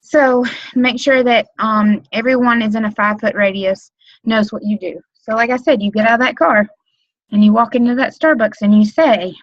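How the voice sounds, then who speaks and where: A woman's voice: a little high, steady tone, moderate pace, dry recording, dull audio. A woman giving casual training on a webinar, rambling with lots of um, like and you know. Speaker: direct sales consultant training new team members. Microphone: computer mic on a webinar.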